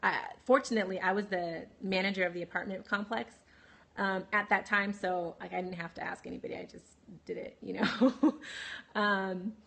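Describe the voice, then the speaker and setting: A woman's voice: medium pitch, fairly even intonation, normal speed, vocal fry, a bit bright. A woman hosting a phone livestream, telling a personal story candidly with many fillers, restarts and laughs, and replying to viewers' comments. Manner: answers viewer comments by name. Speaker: livestream host. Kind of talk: personal storytelling on a live broadcast.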